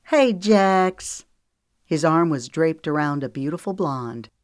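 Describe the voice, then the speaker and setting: A woman narrating a romance audiobook in a calm, measured way. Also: low-pitched, dry recording, studio quality. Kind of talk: scripted narration.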